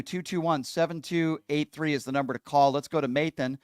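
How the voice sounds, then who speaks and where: In a radio studio, a man hosts a call-in talk show, speaking heatedly and outspokenly while leaning hard on his words. His fairly high voice stays steady and brisk with few pauses, and the sound is clean, dry, and studio-quality.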